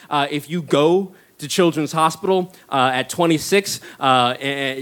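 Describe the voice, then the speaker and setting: A man, telling a rambling comic story full of likes and uhs. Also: a little high. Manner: rambling, many likes and uhs, animated when excited. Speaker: stand-up comedian and storyteller. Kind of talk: storytelling monologue.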